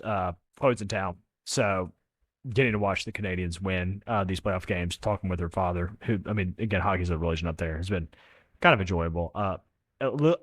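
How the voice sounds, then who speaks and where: A man's voice: on the low side, no echo, clean studio sound. A young man co-hosting a casual sports podcast, telling stories with energy and swearing now and then. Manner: animated storyteller, swears casually. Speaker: podcast co-host.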